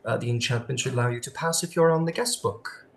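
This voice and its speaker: A man's voice: medium pitch, fast talker, creaky, lightly acted. A man voicing a nervous, well-dressed female greeter at a gala, stammering with a faint French tinge. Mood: flustered. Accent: faintly French-tinged put-on. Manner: hesitant, stammering with many uhs.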